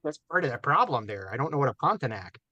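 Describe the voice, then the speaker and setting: A man in loose, profane casual chat as a guest, joking and quick to laugh while reading ghost stories aloud. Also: mid-range voice, sing-song, sharp tone, dry recording, highs cut off. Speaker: guest co-host.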